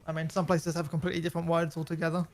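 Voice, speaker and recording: A British man joins a casual chat. His voice is a touch high and gravelly with fry. His answers come short and hesitant. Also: completely flat delivery, very fast. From United Kingdom. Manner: brief, hesitant replies. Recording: faint music behind.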